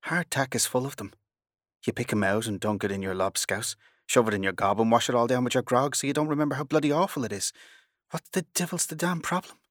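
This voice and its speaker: Man doing a gruff Irish sea captain. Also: medium pitch, animated, brisk, a bit bright, no room sound, clean studio sound. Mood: exasperated. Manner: gruff and blunt.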